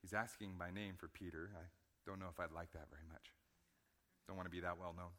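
A pastor preaches a sermon at a fairly quick pace with a steady tone. He shifts between hushed, low stretches and loud, emphatic points, often repeating words for emphasis.

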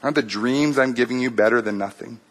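A man's voice: mid-range voice, fast, fairly bright tone, lightly acted. A man voicing a small red male lizard, a whispering tempter that pleads and coaxes. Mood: wheedling.

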